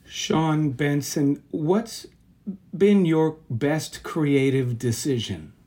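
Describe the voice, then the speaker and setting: A man hosting an interview who talks in a measured, thoughtful way. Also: fairly high pitch, warm tone. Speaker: interview host. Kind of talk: interview conversation.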